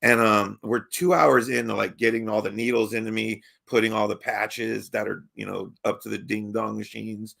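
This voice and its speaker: A man's voice: on the low side, level tone, normal speed, gravelly, few pauses, a bit bright. A man from Baltimore telling a long, rambling story on a podcast, swearing, laughing and restarting sentences often. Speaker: podcast host. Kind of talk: casual storytelling chat.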